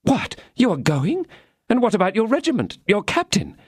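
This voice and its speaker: A woman's voice: medium pitch, wildly swooping pitch, moderate pace, a little mellow, slightly rough, no echo, studio quality, voice pushed up. A man voicing an anxious, loyal young woman in a storybook reading, speaking with pleading urgency. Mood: alarmed.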